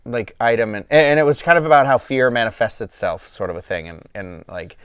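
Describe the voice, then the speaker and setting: A man in his thirties chats casually as host, rambling and circling back with fillers and little quoted asides. His voice sits at an ordinary middle pitch. The sound is dry and close, with no room in it. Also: brisk, clean tone, no room sound. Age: 30s. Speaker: channel host. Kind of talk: casual chat with a friend.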